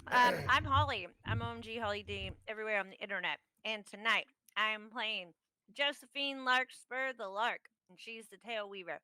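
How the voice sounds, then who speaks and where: A woman's voice: a little high, normal speed, pushed and bright, smooth, no room sound. A woman chatting as a tabletop game player, bubbly and giggly. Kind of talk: casual chat.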